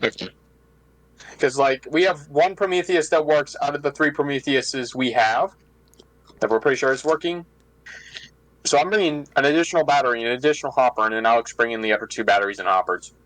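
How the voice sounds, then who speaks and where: Casting: eager young-sounding club leader, rambling and chatty, dry close sound. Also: male voice, medium pitch, fairly quick, a bit bright, no echo, rough recording. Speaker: club leader joining a meeting. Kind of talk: casual meeting talk.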